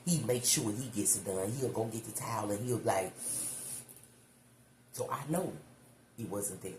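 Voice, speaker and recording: A woman tarot reader telling a story to her viewers in a chatty, animated, profane way, calling them y'all. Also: a bass voice, moderate pace. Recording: echoey room with background noise.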